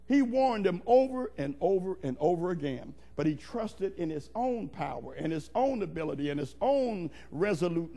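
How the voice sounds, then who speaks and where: High, gravelly-voiced male preacher. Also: darkish tone. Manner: emphatic, rhythmic, calls out to the congregation; repetitive, building cadence. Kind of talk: sermon.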